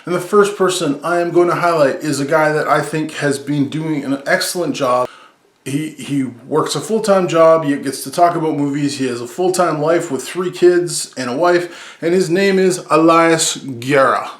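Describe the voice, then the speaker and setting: An upbeat man talks about movies on his own podcast, rambling and correcting himself as he goes. His voice sits a little high for a man. He is recorded in an echoey room. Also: normal speed. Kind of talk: casual solo chat.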